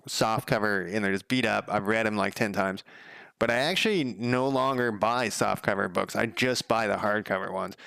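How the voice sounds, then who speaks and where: A man talks in a loose, rambling way at home, chuckling often and swearing casually. His voice has a gravelly edge yet stays smooth and resonant. The sound is dry and close, with no room echo. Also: on the low side, pushed and bright. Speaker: game developer streamer. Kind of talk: casual chat.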